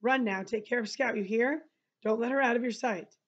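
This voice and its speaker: A woman reading the lines of a calm, steady middle-aged father from a novel, in a dull lo-fi recording. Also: on the high side, brisk, close to an everyday voice. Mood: calm firm.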